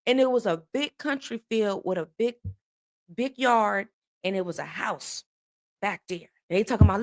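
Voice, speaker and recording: A woman from the American South hosts a loose, casual chat with her viewers. She talks in an animated, jokey way and swings into exaggerated disbelief. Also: fairly high pitch, moderate pace. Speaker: host.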